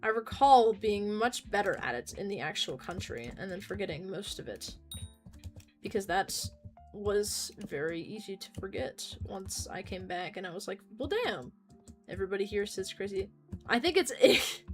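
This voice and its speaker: A young American woman talks at a middle pitch, rambling loosely from one thought to the next. She swears freely and jokes at her own expense in a casual livestream chat. Faint game music plays quietly behind her.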